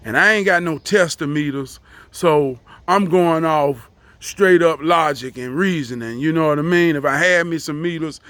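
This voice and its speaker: Casting: man, casual storyteller, a bit higher pitch, dry close sound. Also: a bit bright, no room sound. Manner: loose, profane, acts out quoted voices.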